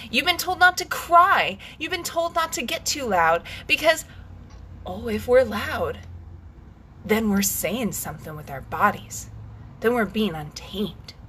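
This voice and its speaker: Intense, bright-voiced woman breathwork coach. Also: fairly high pitch, animated, measured pace, slight background noise. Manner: intense, emphatic, swears freely. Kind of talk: guided scream and breathwork session.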